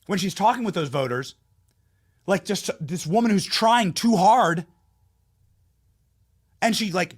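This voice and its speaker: A man's voice: high-pitched, expressive, normal speed, slightly rough. Heated, mocking male commentary host. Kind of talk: opinionated commentary monologue.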